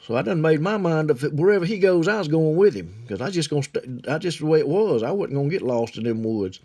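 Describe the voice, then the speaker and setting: A man's voice: on the high side, expressive, fast talker, a little mellow. A man with a Southern accent telling a rambling, folksy story in a drawling, colloquial way.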